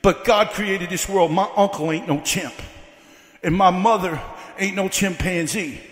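High-pitched preacher in an echoey hall. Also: male voice, a little slow. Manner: fiery preaching with repeated "uh" fillers; builds by repeating questions. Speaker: evangelist. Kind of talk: revival sermon.

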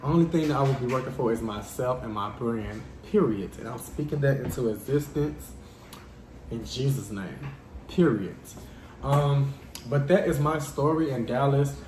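A man, his voice sitting in an ordinary middle pitch. He tells his story in a casual, animated vlog manner, speaking straight to his viewers. The room rings with echo, and a faint hiss runs underneath. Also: moderate pace. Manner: animated, dramatic storytelling addressing viewers as y'all. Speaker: vlogger.

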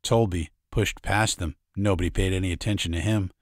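A man narrating a story in a measured, dramatic way. His voice is low. The studio sound is dry and close. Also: fairly even intonation, no room sound. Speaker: audiobook narrator. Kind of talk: scripted narration. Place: recording studio.

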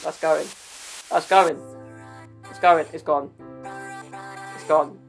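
A man's voice: on the high side, fairly even intonation, takes it slowly, gravelly, faint music behind. A man with a British accent giving casual, blunt and exclamatory reaction commentary with cheeky banter. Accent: British English. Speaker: video commentator.

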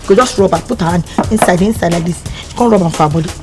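An actress with a Nigerian accent playing a restless, loud, gossiping young wife who slips into Pidgin and keeps exclaiming. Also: female voice, lowish voice, rapid-fire, lightly acted. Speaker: actress in a film. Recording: film audio with music beneath.

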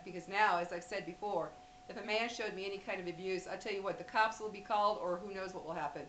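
A woman's voice: mid-range voice, fast, a bit bright, a little hiss or hum. Woman vlogger, blunt and emphatic, talking to women viewers, echoey room. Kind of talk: direct-to-camera advice talk.

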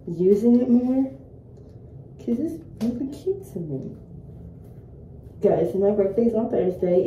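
Slow-talking, slangy teen girl vlogger. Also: mid-range voice, highs cut off, slight background noise. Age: late teens. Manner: slangy, profane, chatty. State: tired. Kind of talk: casual get-ready-with-me chat. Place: indoors at home by a mirror. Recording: echoey room, faint ambience.

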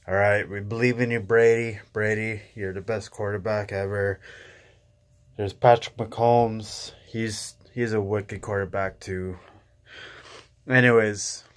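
Sleepy young Canadian guy vlogging. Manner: sleepy, low-key. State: just woke up. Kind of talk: casual vlog.

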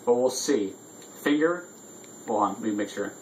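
A man's voice: mid-range voice, expressive, moderate pace, darkish tone, slight background noise, poor audio. A drunk man hosting a casual vlog, rambling loosely and swearing freely. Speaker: vlog host. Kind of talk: casual chat.

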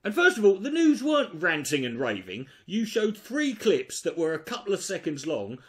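A man's voice: high-pitched, wildly swooping pitch, moderate pace. A man giving sweary, mocking reaction commentary on a video. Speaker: commentary host.

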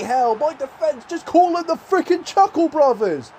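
A young man commentating his own football video game match, swinging between low muttering and excited shouts. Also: moderate pace, a little hiss or hum. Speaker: gaming YouTuber.

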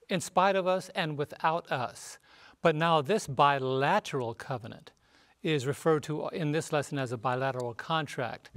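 Male panelist, bit high voice, preachy emphasis on quoted verses. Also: a bit bright. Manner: emphatic, rises sharply when quoting scripture. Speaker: Bible study panelist. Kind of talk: Bible study panel teaching.

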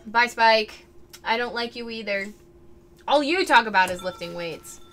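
Bright-voiced, excitable woman streamer. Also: on the high side, measured pace. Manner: chatty, bursts into excited squeals and laughter. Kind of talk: casual game-stream chat.

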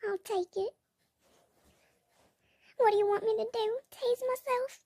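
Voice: extremely high pitch, fairly even intonation, measured pace, dark tone. A performer voicing a sad loser male mall cop stuck in a bunny suit, in a whiny, self-pitying, pleading game role-play story voice, often near tears. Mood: mopey, weepy.

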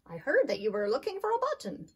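A woman voicing an eager, chatty male raccoon who talks quickly. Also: sits high, huge pitch swings, darkish tone, slightly rough, recorded from a distance, full character voice.

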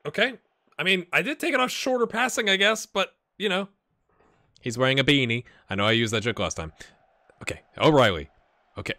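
A man hosting a gaming channel, giving excitable let's-play commentary, cheering on his players and thinking out loud. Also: sits high, fairly quick, dry recording, studio quality. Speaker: video game channel host.

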